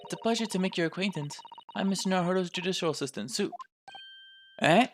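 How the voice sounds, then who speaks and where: A man voicing a polite young woman assistant in a game let's play, gentle and courteous. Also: high voice, fast talker, soft background music, voice pushed up, lightly acted.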